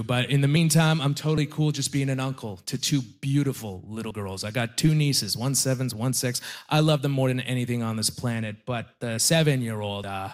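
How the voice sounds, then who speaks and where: A young man performing a stand-up comedy set, telling self-deprecating stories in a conversational way with pauses for punchlines. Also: medium pitch. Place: comedy club stage with audience.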